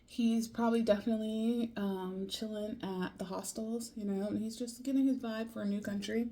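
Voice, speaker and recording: A woman's voice: on the high side, steady tone, moderate pace, warm tone. A woman learning a language, talking it over casually in a video diary, thinking aloud in a loose, rambling way.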